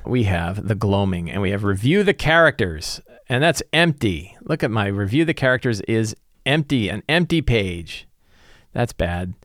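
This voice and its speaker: A man's voice: lowish voice, moderate pace, dry recording. Man recapping a game, dry sound. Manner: animated retelling with many fillers. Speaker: game master and tabletop gaming creator. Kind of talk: casual session recap and prep talk.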